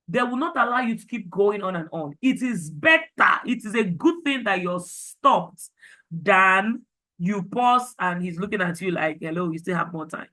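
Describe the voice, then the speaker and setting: Lively Nigerian woman teaching a class. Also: medium pitch, a little slow, rough recording. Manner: lively, chatty and encouraging, mixing in pidgin. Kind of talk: online class lecture.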